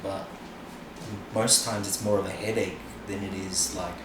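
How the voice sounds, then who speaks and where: An Australian middle-aged man, a podcast guest, chats casually and frankly in a deep, steady voice that's a little slow. He swears freely and says "you know" a lot. The room is very echoey, the mic is far off, and the recording is noisy.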